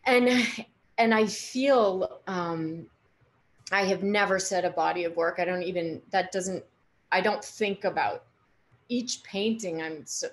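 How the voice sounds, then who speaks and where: A woman in her forties talks through her work in a relaxed conversation. She speaks haltingly, restarting her sentences often, in a slightly low voice. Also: a little hiss or hum. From United States. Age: 40s. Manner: hesitant, halting, many restarts. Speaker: artist guest. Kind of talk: casual conversation.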